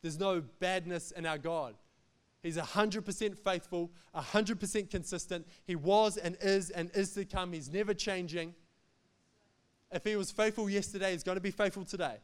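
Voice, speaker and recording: Male pastor, emphatic sermon delivery, higher voice. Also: normal speed, clean tone. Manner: emphatic, repetitive, jokes between points.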